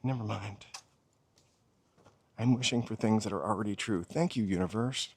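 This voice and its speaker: A man with a plain General American accent livestreams a walking tour, chatting casually as he strolls down a city street outdoors. His husky, lowish voice moves at a moderate pace as he muses aloud, drifts between thoughts and pauses to answer viewers' chat.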